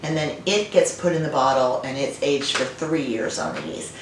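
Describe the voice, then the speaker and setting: A woman winemaker being interviewed, telling stories and remembering in a warm, conversational way. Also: very deep voice, big pitch swings, moderate pace. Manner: warm storytelling, reminiscent. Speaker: winemaker guest. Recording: roomy, distant, faint noise.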